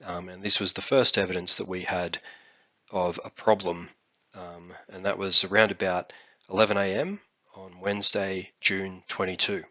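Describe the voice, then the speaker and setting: A hoarse Australian man gives a presentation, pausing often with fillers between phrases. His voice sits very low and has a hard, bright edge. The recording sounds dull and lo-fi. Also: little pitch movement. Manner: halting, many fillers. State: hoarse, recovering from illness. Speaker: biosecurity response coordinator.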